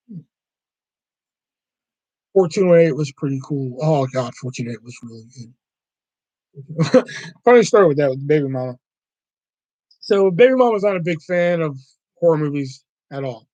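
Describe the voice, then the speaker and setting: A man hosts a casual livestream as an animated storyteller, rambling, swearing freely, and filling his stories with filler words. His voice is fairly high, captured in a dry, low-quality recording.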